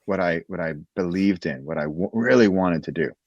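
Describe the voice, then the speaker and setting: A man's voice: deep voice, fairly quick, dry recording, dull audio. A man who is a guest on a podcast, talking casually and animatedly about writing, often laughing and acting out little conversations.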